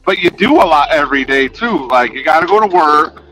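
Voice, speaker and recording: Friendly guy on a call, high bright voice, easygoing, swears a lot. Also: animated, brisk, soft background music, rough recording. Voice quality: loose, swears casually. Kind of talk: casual chat.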